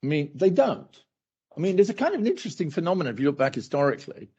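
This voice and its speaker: A man's voice: a little high, sing-song, rapid-fire, darkish tone, breathy edge. A male academic answering a question at a university talk, rambling with many asides and repeated phrases, on a dull lo-fi recording. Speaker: academic speaker.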